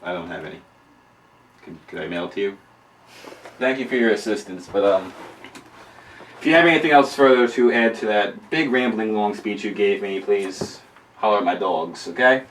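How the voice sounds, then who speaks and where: A man playing a crude, exasperated male police officer who bursts into loud outbursts. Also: on the low side, moderate pace, pauses often, far from the mic, slight background noise, close to an everyday voice. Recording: roomy sound, away from the mic.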